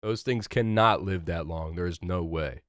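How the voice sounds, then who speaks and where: A man's voice: low voice, normal speed, no room sound, clean studio sound. A young man live-streaming a game, chatting loosely with his chat, rambling and swearing casually. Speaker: gaming streamer.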